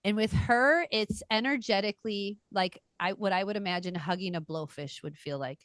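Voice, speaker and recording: A woman's voice: medium pitch, moderate pace, no echo. A middle-aged woman co-hosting a casual podcast chat, telling a family story with energy and acting out the lines of others. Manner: animated storytelling, acts out quoted voices. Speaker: podcast co-host.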